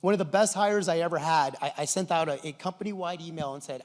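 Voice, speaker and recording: A middle-aged man giving a conference talk with enthusiastic, animated storytelling, recorded in a large conference hall. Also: a little high, fast, hardly any pauses. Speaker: conference presenter.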